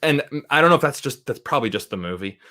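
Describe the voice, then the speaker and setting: A man's voice: mid-range voice, lively intonation, racing, sharp tone. A man who is a guest film critic chatting casually, rambling along and often checking in with "right?". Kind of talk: casual chat.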